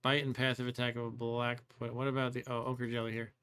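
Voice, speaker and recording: A man's voice: mid-range voice, little pitch movement, fast, a bit bright, smooth. A man hosting a let's play, thinking aloud as he plays, musing and second-guessing himself with wry complaints and frequent chuckles. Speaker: host.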